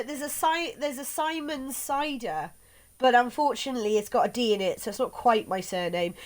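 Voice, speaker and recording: A woman with a Somerset accent and a slight lisp on her S sounds, chatting casually and rambling while streaming a game. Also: fairly high pitch. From South West England. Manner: chatty, rambling, laughs often. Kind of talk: casual chat while gaming.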